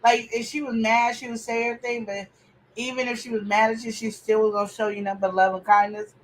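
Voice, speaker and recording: A woman hosting a family podcast chat, talking in an animated, opinionated way with preachy outbursts. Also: fairly high pitch, quick pace, slight background noise, rough recording. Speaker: podcast host.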